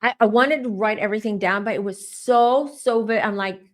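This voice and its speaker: A woman's voice: mid-range voice, normal speed. A woman psychic tarot reader telling viewers about a vision in a chatty, casual way, speaking straight to her audience. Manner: chatty, addresses viewers directly. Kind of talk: casual storytelling to camera.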